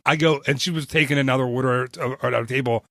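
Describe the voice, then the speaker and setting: A man co-hosting a podcast, chatting casually and telling a lively story with frequent restarts. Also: medium pitch, quick pace, no room sound, clean studio sound. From northern United States. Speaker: podcast co-host. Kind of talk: casual chat.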